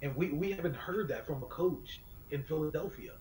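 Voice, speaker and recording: A man co-hosting a casual sports talk podcast, speaking in a measured way with frequent ums. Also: a little high, a little mellow, rough recording. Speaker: podcast co-host.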